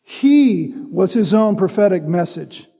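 Slow, high-voiced preacher in a reverberant hall. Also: male voice, animated, dark tone. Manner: teaching, reads scripture aloud with measured emphasis. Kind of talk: sermon.

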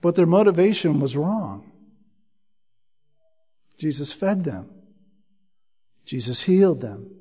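A man with a high voice preaches a sermon in an earnest tone, reading long scripture passages and stopping to explain them. He often repeats words as he restarts a phrase. The sound carries a long reverb, as in a large hall. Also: big pitch swings, takes it slowly, pauses often, mellow, slightly rough.

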